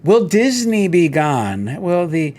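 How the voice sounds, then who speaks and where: Animated rambling man, lively pitch. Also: slow pace. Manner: rambling, animated storytelling with quoted voices. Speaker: host. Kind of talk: casual solo chat while browsing toy listings.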